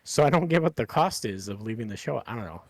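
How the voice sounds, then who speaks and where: A man's voice: medium pitch, expressive, quick pace, no room sound. A man hosting a podcast, chatting casually in a rambling way with lots of fillers and swearing. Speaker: podcast host.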